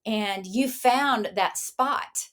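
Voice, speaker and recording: A woman's voice: on the high side, extremely slow, fairly bright tone. A woman hosting a coaching podcast, affirming and enthusiastic, often murmuring agreement. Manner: affirming, frequent mm-hmms, enthusiastic. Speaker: podcast host, strengths coach. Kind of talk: interview hosting.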